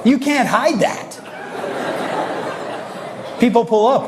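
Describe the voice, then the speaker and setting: A man giving a motivational talk to a young audience, telling lively, self-mocking stories and often asking the crowd questions. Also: mid-range voice, a little fast, background noise. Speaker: speaker. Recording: echoey large hall.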